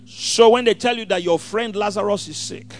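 A man preaching a sermon, swinging from hushed asides to shouted scripture quotes. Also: high-pitched, moderate pace.

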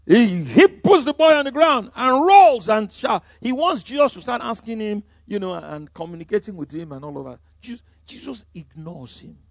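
High, gravelly Nigerian pastor preaching. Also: male voice, big pitch swings, moderate pace, hardly any pauses, no room sound. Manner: emphatic, swings from loud declarations to quiet asides. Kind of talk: sermon.

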